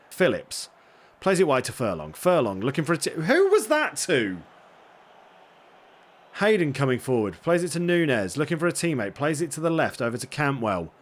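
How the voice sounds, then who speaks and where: Excitable man commentating his game. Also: mid-range voice. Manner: excitable, swears when frustrated, self-deprecating asides. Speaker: gaming streamer. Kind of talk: casual commentary on his own football management game.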